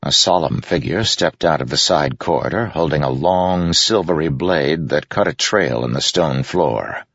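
A man reading a fantasy novel aloud in a measured, grave narration. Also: extremely low pitch, fairly bright tone, no room sound. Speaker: audiobook narrator. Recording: dull lo-fi audiobook recording.

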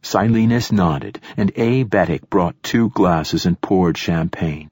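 A man reading a first-person novel aloud as an audiobook narrator, in a dry, measured way. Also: low-pitched, a little mellow, husky, no room sound.

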